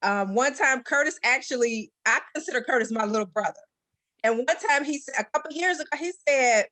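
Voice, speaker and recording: A woman's voice: on the high side, lively intonation, quick pace, sharp tone, dry recording. A woman from Detroit telling a grateful story about her trading mentor in a casual call. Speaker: trading community leader. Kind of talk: casual testimonial.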